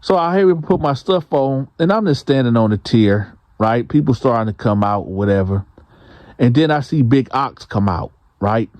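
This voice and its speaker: A man's voice: medium pitch, expressive, moderate pace, a little mellow, dry recording. A man telling a prison story in a casual, slangy way as the host. He acts out the quotes.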